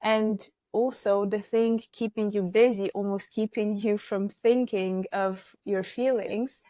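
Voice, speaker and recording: A woman interviewing a guest, asking gentle, probing questions. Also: mid-range voice, steady tone, takes it slowly, no room sound.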